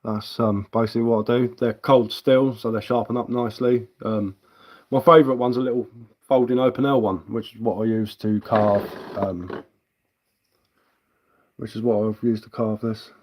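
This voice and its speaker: A man's voice: on the low side, fairly even intonation, normal speed. A man chatting casually on a live stream as a woodcarver, easygoing and answering viewer comments.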